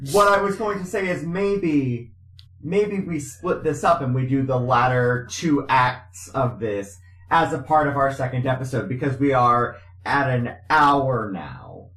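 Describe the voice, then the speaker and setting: A man's voice: mid-range voice, lively intonation, measured pace, fairly bright tone. A man co-hosting a podcast, chatting casually and restarting as he tries to get a word in. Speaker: podcast co-host. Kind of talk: casual chat. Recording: echoey room.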